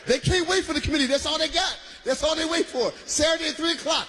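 A man doing a stand-up routine, working the crowd loudly with shouts and laughter. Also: extremely high pitch, quick pace, few pauses. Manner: loud, animated, bursts of shouting and laughter. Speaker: stand-up comedian. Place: live comedy venue. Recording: live crowd and room noise.

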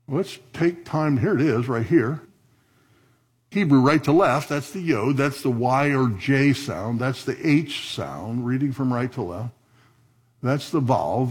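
A man preaching a sermon, asking the congregation questions and swinging from low, quiet stretches to loud, high bursts. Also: slightly rough. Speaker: pastor.

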